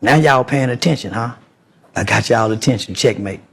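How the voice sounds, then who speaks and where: A man's voice: mid-range voice, normal speed, vocal fry, fairly bright tone, husky. A man who is a podcast guest, giving blunt, profane social commentary in a preachy, lecturing way.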